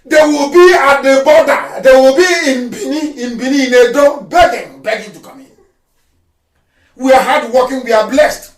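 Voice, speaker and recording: A man giving an impassioned radio address, shouting, mocking and scolding his listeners. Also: very high voice, normal speed, far from the mic. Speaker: political activist broadcaster. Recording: echoey, off-mic radio broadcast.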